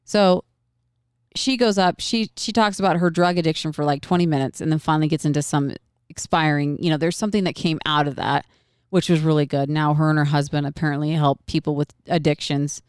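Animated young woman telling a story. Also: low voice, fairly quick, clear, resonant tone, dry recording, clean studio sound. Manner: animated, profane, laughs often. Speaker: podcast co-host. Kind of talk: casual storytelling chat.

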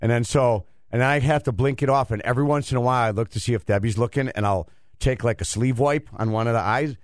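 A middle-aged man hosting a radio show, rambling and halting as he tells a story in casual banter. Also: mid-range voice, no room sound, clean studio sound. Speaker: radio host.

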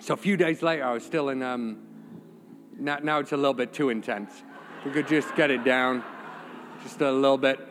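A man's voice: mid-range voice, normal speed, a bit bright, slight background noise. A man preaching a sermon, telling a personal story in an informal, earnest way. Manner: informal, jokey asides, then earnest and emotional. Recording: reverberant church hall with faint music.

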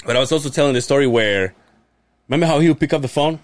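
A man's voice: medium pitch, rapid-fire, no echo. A man hosting a podcast, telling crude stories in casual chat, often breaking into laughter. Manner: profane, laughing, does voices of people in stories. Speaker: podcast host.

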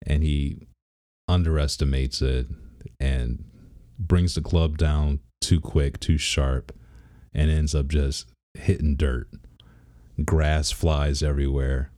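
A man's voice: extremely low pitch, fairly even intonation, slow pace, mellow. A man in his thirties, a father, talking casually in a rambling, laid-back way and laughing now and then. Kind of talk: casual personal vlog.

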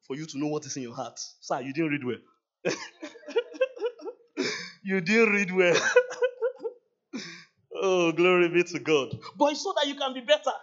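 A man preaching a sermon at a church service, animated, laughing often and acting out dialogue with God. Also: a little high, highs cut off. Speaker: pastor.

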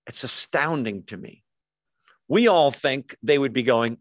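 A man's voice: medium pitch, very animated, measured pace, a bit bright, no echo. A man preaching a casual verse-by-verse sermon, with wry asides and acted-out quotes. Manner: conversational, wry asides, acts out quoted voices. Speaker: pastor. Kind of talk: expository sermon.

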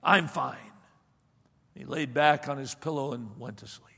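A man preaching, telling a story dramatically, swinging between loud passages and hushed ones, recorded with a long hall reverb. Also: mid-range voice, a little fast. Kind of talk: sermon storytelling.

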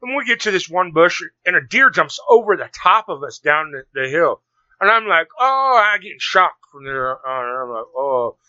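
A man telling a long story in casual conversation, rambling and animated, with many restarts. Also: a little high, normal speed, hardly any pauses, no room sound. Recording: dull lo-fi sound.

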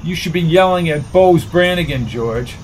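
A man's voice: a little high, expressive, moderate pace, slight background noise, natural voice. A man voicing a wry, irritable male amateur sleuth who talks in a dry, curt manner.

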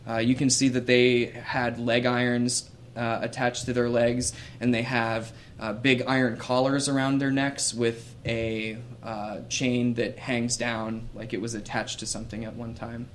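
Male game master, mid-range voice, relaxed descriptive narration. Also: mid-range voice, unhurried, few pauses, slight background noise.

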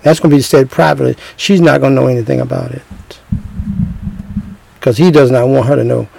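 A man's voice: medium pitch, a little fast, gravelly, darkish tone, a little hiss or hum, low-quality recording. A middle-aged man giving emphatic, preachy relationship advice, repeating his points and acting out little scenes. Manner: emphatic, repetitive, acts out scenes.

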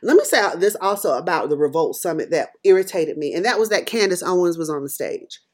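A middle-aged woman hosting a podcast, speaking in an emphatic, preacherly monologue that swings between loud and quiet. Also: on the low side, expressive, brisk. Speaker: podcast host. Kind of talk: impassioned commentary monologue.

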